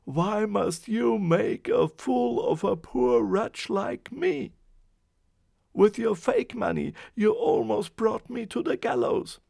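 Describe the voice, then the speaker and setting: A man voicing a poor, unlucky middle-aged man who complains loudly in a raised voice. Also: high voice, sing-song, slow, gravelly, slightly rough, no echo, clean studio sound, pitched above the performer's own voice, exaggerated voice. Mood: complaining. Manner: loud, complaining.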